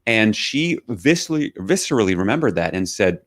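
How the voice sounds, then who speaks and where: Casting: middle-aged male author guest, lowish voice, reflective anecdotal storyteller. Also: big pitch swings, a little fast. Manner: reflective storytelling with quoted dialogue. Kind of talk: interview conversation.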